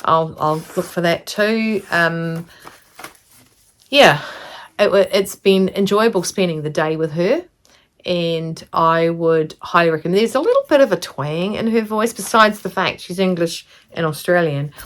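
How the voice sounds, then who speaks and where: A woman's voice: fairly low pitch, unhurried. A woman craft vlogger chatting casually to camera, rambling with lots of ums. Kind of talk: casual sit-down chat to camera.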